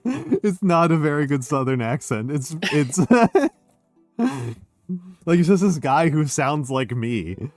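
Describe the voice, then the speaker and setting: A man's voice: a little high, big pitch swings, slow pace, dry recording, soft background music. Sardonic, swearing man streamer. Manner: sardonic, swears freely, laughs often. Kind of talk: casual chat.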